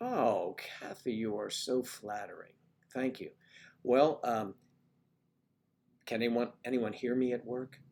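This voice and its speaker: A man's voice: mid-range voice, fairly even intonation, slow, creaky, long pauses, a little mellow. A man hosting a casual livestream, rambling and chatting with viewers by name as he reads the chat. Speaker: livestream host reading chat.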